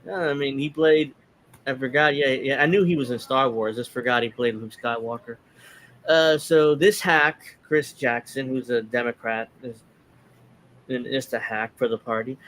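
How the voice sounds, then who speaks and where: Male podcast host, mid-pitched, sarcastic political commentary, faint background noise. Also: steady tone, moderate pace, fairly bright tone. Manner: sarcastic, reads tweets aloud mockingly.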